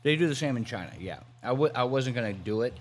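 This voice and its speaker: A man's voice: mid-range voice, expressive, fast, background noise. A man co-hosting a podcast in casual chat, teasing his partner with crude banter. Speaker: podcast co-host.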